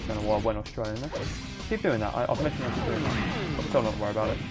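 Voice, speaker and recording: A man's voice: on the low side, expressive, racing. A young man giving casual let's-play commentary, rambling and easily frustrated, with lots of restarts. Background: game music.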